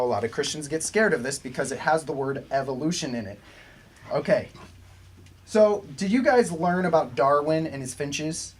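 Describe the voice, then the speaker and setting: A man teaching a youth group a casual Bible lesson, chatting with asides and questions to the group. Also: on the high side.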